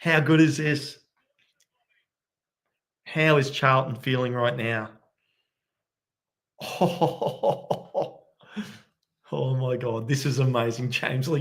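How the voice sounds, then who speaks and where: A man giving excitable live play-by-play commentary as a fan watchalong host, keeping his voice down at home late at night. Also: mid-range voice, takes it slowly, long pauses. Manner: excitable, bursts into loud cheering; kept quiet since it is night at home. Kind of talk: live match commentary for viewers.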